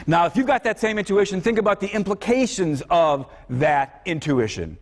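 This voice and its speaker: A man's voice: high voice, expressive, moderate pace. A man giving a university lecture in a conversational way, now and then acting out examples in other voices. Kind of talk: classroom lecture. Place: large lecture hall. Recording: reverberant lecture hall.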